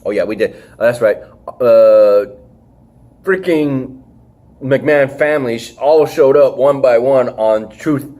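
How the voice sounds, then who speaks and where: A man hosting a podcast in a loose, casual chatting style. His voice has a mid-range pitch, and he rambles along, padding his sentences with fillers and the odd swear word. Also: slow, mellow. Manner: rambling, swearing, leans on "freaking". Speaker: podcast host. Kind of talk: casual wrestling review chat.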